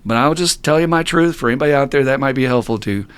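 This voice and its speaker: A middle-aged man talking casually on a recovery podcast, blunt, animated and laughing often as he swears freely. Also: medium pitch, fast talker, clean tone. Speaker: podcast host.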